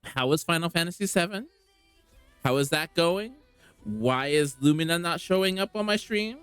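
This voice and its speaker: A live streamer chatting casually on a game stream, giggly and animated, laughing often. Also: medium pitch, moderate pace, clear, resonant tone, no room sound, soft background music. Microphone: streaming microphone.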